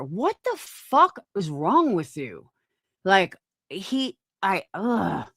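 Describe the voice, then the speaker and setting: A woman's voice: medium pitch, wildly swooping pitch, drawn-out words, fairly bright tone, breathy edge, no room sound, studio quality. A woman in her forties hosting a stream, reacting to clips in a blunt, mocking, profane way. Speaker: stream host reviewing clips. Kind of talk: casual reaction commentary.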